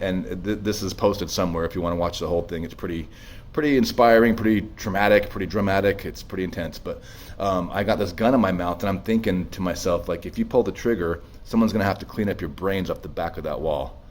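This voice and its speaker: A man sharing a raw personal testimony in a halting, emotional way, full of restarts and blunt swearing, shaky as he tells it. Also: low-pitched, slight background noise. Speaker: speaker sharing his story.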